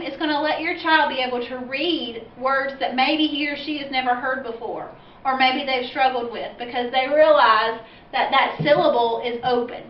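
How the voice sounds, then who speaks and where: A high-voiced woman teacher walks parents through the reading steps one at a time, clear and patient. She sounds a little far from the mic, in a room with plenty of echo, and the recording is slightly dull. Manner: clear, patient, step-by-step explaining. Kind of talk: instructional video for parents. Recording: roomy, distant, dull-sounding classroom recording.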